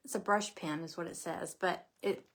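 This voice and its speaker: A woman's voice: on the low side, fairly even intonation, normal speed. A middle-aged woman chats through a craft live stream. Her talk is bubbly and rambling, full of little asides and friendly greetings to viewers by name. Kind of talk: casual live-stream chat.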